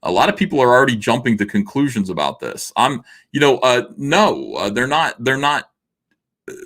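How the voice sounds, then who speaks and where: A man's voice: mid-range voice, very animated, normal speed, fairly bright tone. A man hosting a livestream, reading viewer messages and chatting in a rambling, casual way full of fillers. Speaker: livestream host reading super chats.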